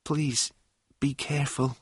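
Voicing a gentle young woman from a storybook, a man pitches above his own natural voice to a medium register. He sounds earnest and animated at a moderate pace, recorded dry with studio quality.

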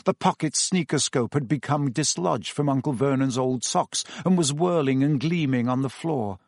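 A man reading a storybook aloud as narrator, telling it in a steady, measured way on a close mic. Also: medium pitch, no room sound. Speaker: audiobook narrator. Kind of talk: scripted narration.

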